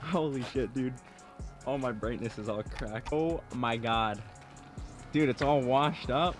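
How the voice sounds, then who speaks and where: A young man vlogging casually about his car, talking in an excited, rambling way and swearing a lot. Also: medium pitch.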